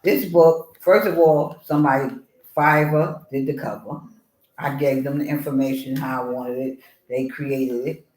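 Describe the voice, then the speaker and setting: A woman author telling a personal story in an animated way, acting out the voices of the people in it. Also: very deep voice, measured pace, reverberant, rough recording. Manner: expressive, acts out voices in her story. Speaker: author guest.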